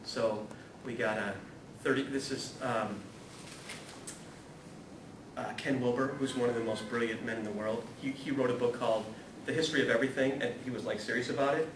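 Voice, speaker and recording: A man gives a lively, self-mocking talk to an audience and shifts into reading passages aloud. His voice carries through a reverberant room, picked up from some distance. A low rumble of noise sits underneath. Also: a little fast. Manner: animated, self-deprecating storyteller, laughs often. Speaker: speaker at a ministry talk series. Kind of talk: humorous spiritual talk with read-aloud passages.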